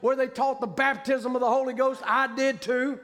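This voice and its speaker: Male preacher, very high voice, fervent, emphatic, vernacular sermon. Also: flat delivery, normal speed, fairly bright tone, in a large hall. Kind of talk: sermon, recounting a vision.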